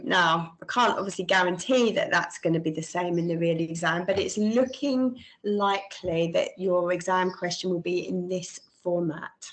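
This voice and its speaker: An accounting tutor walks students through an exam paper over a screen share, thinking aloud in an informal way. Her voice is on the low side and a bit bright, and the recording quality is poor.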